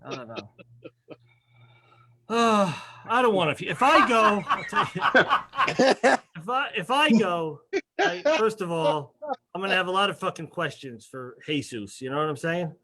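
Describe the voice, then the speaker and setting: Profane rambling comic, high lively voice. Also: male voice, a little slow, pauses often. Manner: rambling, profane, laughing through his bits. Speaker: stand-up comedian. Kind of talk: open mic stand-up over video call. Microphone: video call.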